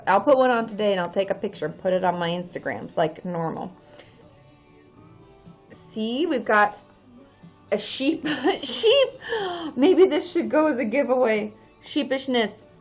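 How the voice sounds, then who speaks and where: A woman's voice: mid-range voice, highs cut off. A woman from Washington State, a therapist chatting casually on a livestream, answering viewers and reading their names aloud.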